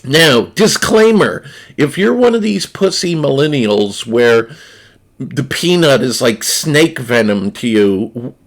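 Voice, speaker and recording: A man talks unhurriedly to his viewers in a gravelly, creaky voice. He is blunt and profane and wanders into rambling asides. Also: mid-range voice, very animated, slow. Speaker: gaming streamer reviewing a snack. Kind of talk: casual unscripted chat to viewers.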